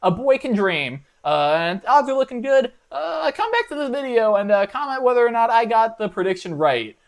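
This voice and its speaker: A man's voice: very high-pitched, sing-song, moderate pace. A man hosting a comedic reaction video, rambling in a mock-enthusiastic way with many filler uhs.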